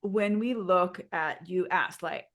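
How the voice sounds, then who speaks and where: A woman's voice: lowish voice, slow pace, fairly bright tone. Woman yoga teacher explaining breathing. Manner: guiding, explanatory, leads with questions. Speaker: yoga teacher, podcast co-host. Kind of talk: instructive podcast chat.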